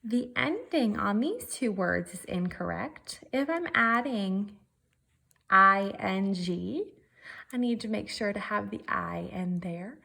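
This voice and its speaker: A woman's voice: mid-range voice, animated, unhurried, creaky, hardly any pauses, fairly bright tone. A woman teacher giving a virtual writing lesson, working through her draft methodically and thinking aloud step by step.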